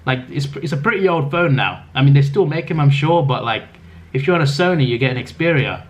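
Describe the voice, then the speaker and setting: A man's voice: mid-range voice, expressive, fairly quick. A young man, reading out comments and mocking them with exasperated, sarcastic commentary. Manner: exasperated, mocking, lectures with rising emphasis.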